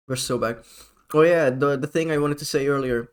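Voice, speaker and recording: A man's voice: medium pitch, a little fast, clean tone. A man streaming live, chatting casually in a rambling, profane way with frequent laughs.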